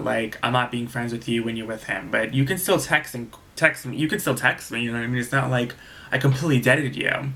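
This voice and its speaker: Bright-voiced young man venting in a storytime. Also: mid-range voice, creaky. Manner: rambling, with frequent restarts and asides; exasperated, venting. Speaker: vlogger. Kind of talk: casual storytime monologue.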